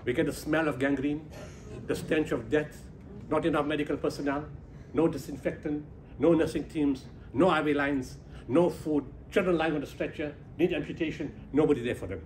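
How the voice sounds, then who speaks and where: Guy giving a keynote, bit high voice, jokey animated storyteller, faint hum behind. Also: normal speed. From South Africa. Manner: animated storytelling, acting out dialogue, laughing at own jokes. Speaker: keynote speaker, humanitarian founder. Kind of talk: humorous motivational speech. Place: conference hall before a business audience.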